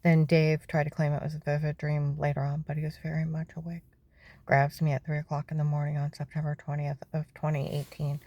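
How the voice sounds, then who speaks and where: A woman's voice: low-pitched, level tone, a little fast, dark tone. A middle-aged woman telling her own story in a testimony monologue, keeps asking "okay?" and often drops into a whisper.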